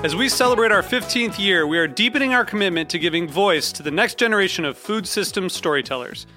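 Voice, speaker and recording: A man reads a donation appeal in a high, bright voice. The delivery is earnest and read aloud. Soft guitar plays behind him. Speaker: radio network announcer. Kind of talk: scripted fundraising appeal.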